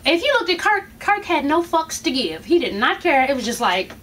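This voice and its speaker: A woman's voice: high-pitched, very animated, normal speed. A woman hosting a casual gossip recap of a reality show, telling the story animatedly and acting out the quotes. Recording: distant mic with faint noise.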